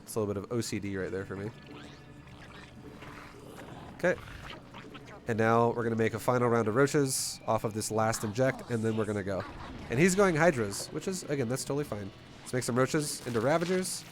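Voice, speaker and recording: An energetic man talks a viewer through a strategy game, blunt and casual, with a curse tossed in here and there. His pitch sits at an everyday middle level. A faint hum of noise stays under his voice. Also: a little fast, pauses often. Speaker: gameplay coach. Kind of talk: casual live game commentary and teaching.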